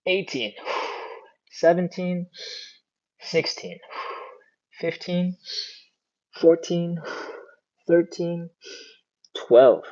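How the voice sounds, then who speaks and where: A man's voice: on the high side, mellow, lo-fi sound. A man hosting a live follow-along stretching class, counting down holds and chatting with viewers as he reads their comments. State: a bit out of breath. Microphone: phone on a stand.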